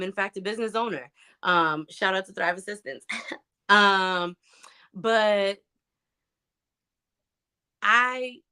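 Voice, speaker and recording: Animated, bright-voiced woman host. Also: on the low side. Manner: animated, emphatic, many fillers. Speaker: podcast host. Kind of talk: casual motivational talk.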